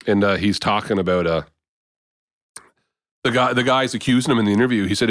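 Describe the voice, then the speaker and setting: A man co-hosting a comedy podcast, telling stories in animated casual chat and laughing often. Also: lowish voice, fairly quick, long pauses, dry recording, clean studio sound. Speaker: podcast co-host.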